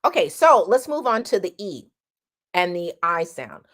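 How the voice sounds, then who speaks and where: A woman coaching singing at an unhurried, deliberate pace. Her speaking voice sits a little low, and she cuts in with sung, held vowels to show each shape. Her tone is plain and no-nonsense. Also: sing-song, a bit bright. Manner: sings vowel demonstrations between explanations; direct, blunt coaching. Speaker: singing teacher. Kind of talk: vocal lesson with demonstrations.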